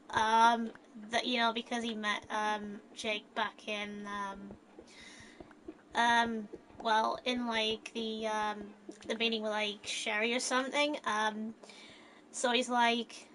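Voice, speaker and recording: A woman talks in a slow, drawn-out way, her voice bright and a touch higher than most. She hesitates often and fills gaps with small fillers as she casually recounts a story she imagined. Faint background noise sits under her voice. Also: low-quality recording.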